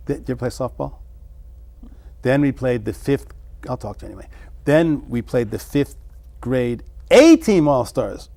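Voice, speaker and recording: A middle-aged man, an interview guest, musing over childhood memories in a halting way, with many restarts. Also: medium pitch, vocal fry, dark tone. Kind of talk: reflective personal storytelling.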